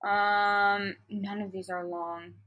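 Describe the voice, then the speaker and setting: A young woman co-hosting a casual podcast, reading a fan story aloud with animated, exasperated commentary and frequent swearing. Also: medium pitch, takes it slowly, muffled recording. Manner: animated, exasperated, swears freely, bursts into laughter.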